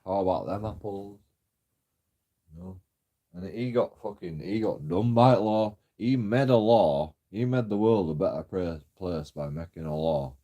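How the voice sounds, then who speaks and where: A man's voice: low voice, mellow. Sweary laughing man ranting. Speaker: vlogger. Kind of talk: casual ranting monologue.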